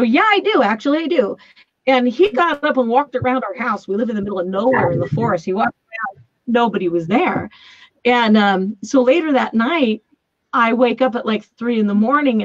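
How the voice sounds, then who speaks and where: A woman's voice: on the high side, no room sound. A woman telling a spiritual story in a casual chat over a remote call, laughing often and acting out the voices she quotes. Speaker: guest. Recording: dull lo-fi remote call audio.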